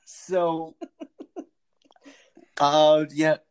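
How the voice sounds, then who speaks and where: A man co-hosting a podcast in casual chat, animated and jokey, laughing often. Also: a little high, extremely slow, clear, resonant tone. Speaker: podcast co-host.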